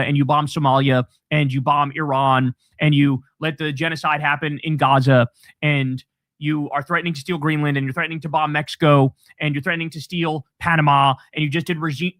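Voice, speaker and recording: Picture a man with a high, keen voice tearing into his targets. Every phrase lands profane and scornful, driven hard for emphasis. The sound is dry and close, with no room around him. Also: fairly bright tone, no echo. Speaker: political commentator. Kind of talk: heated political rant.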